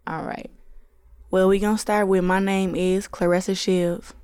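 A teenage girl from Flint, Michigan, in the United States, is a boxer who keeps an audio diary, talking casually and reflectively into a handheld tape recorder. Her voice is medium-pitched and darkish, with a flat delivery at a measured pace. The sound is clean, with no echo.

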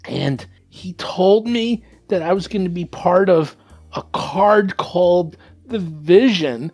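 A man voicing a terrified blinded male prisoner who stammers and breaks into high, pleading cries. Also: takes it slowly, darkish tone, faint music behind, exaggerated voice. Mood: frightened.

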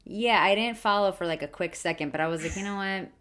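Wry, deadpan woman co-host. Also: lowish voice, fast talker. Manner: wry, self-mocking, deadpan asides. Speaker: podcast co-host. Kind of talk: casual chat.

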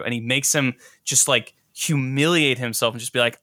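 A man's voice: mid-range voice, moderate pace, pushed and bright, dry recording, clean studio sound. A young man hosting a casual movie podcast, talking animatedly and acting out quoted lines. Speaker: podcast host.

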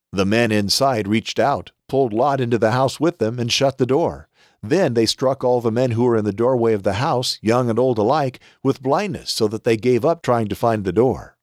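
A man hosting a podcast, reading scripture aloud in a measured, expressive way. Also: medium pitch, no room sound, studio quality.

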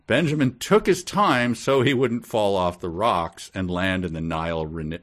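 Low-voiced guy reading a kids book out loud, deadpan, keeps cracking jokes about it. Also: measured pace. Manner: reads deadpan then jokes about the text. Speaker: podcast co-host reading a book aloud. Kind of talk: casual comedic book reading and chat.

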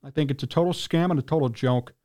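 A male sports talk radio host delivers a heated, indignant monologue, often clearing his throat. His voice is medium in pitch and mellow, and he talks quickly.

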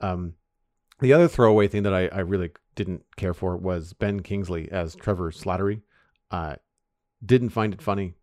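Low-voiced hesitant man chatting. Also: normal speed, darkish tone, dry recording, studio quality. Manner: hesitant, lots of fillers. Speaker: podcast host. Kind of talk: casual podcast chat.

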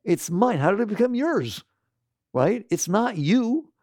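A man teaching spiritual ideas to a live audience, rhetorical and animated, constantly asking the listeners questions. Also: sits high, a little slow, dry recording, clean studio sound. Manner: animated, slips into mocking quoted voices.

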